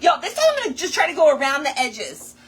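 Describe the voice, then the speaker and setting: A woman's voice: high voice, fast. A woman, chatting to viewers as she crafts and tells a story. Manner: chatty, animated, talks to viewers as y'all. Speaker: craft livestream host. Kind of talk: casual storytelling while crafting.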